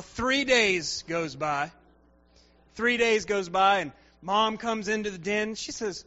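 A male preacher tells a story during his sermon, acting out the people in it with animated energy. His voice sits high and bright, and he takes his time with the words. The recording is dull and lo-fi.

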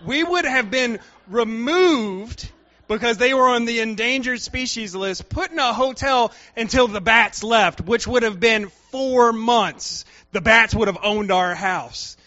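Male preacher, high bright voice, slow deliberate delivery, animated storytelling, dull lo-fi sound. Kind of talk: sermon with personal story.

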